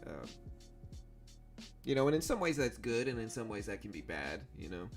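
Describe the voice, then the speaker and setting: Young man, Southern US accent, stream host; easygoing, rambling delivery, lower pitch. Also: normal speed, soft background music. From South Louisiana. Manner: relaxed, rambling, lots of fillers. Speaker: stock trading livestream host. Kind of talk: casual livestream chat.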